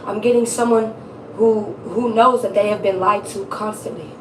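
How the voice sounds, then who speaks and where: A woman's voice: mid-range voice, fairly even intonation, moderate pace, far from the mic, background noise. A woman giving a casual live tarot reading, chatty and laughing often, swearing freely. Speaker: tarot reader. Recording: echoey room, off-mic.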